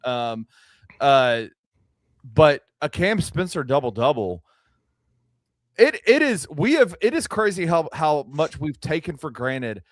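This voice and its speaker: A man co-hosting a casual sports podcast, animated and joking, with incredulous asides. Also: on the high side, measured pace, pauses often, no echo. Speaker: podcast co-host.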